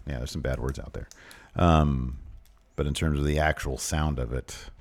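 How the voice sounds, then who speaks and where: A man's voice: a bass voice, fairly even intonation, moderate pace. A man co-hosting a casual wrestling podcast, joking around with his co-host and reading listener questions. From American South. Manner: playful, jokey, shifts into mock-announcer delivery. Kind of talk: casual chat, reading previews aloud.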